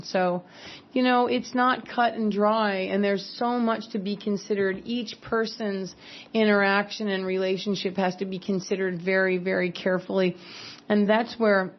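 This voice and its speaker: A woman from California giving a personal recovery talk, earnest and candid with wry asides. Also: mid-range voice. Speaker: speaker at a recovery meeting. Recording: slightly dull lo-fi recording.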